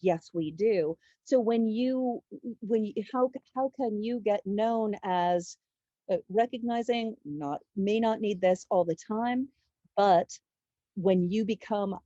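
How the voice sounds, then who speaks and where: A woman's voice: medium pitch, slow, dark tone, no echo, muffled recording. A woman hosting a panel discussion, thinking aloud in a chatty way with restarts. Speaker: panel host.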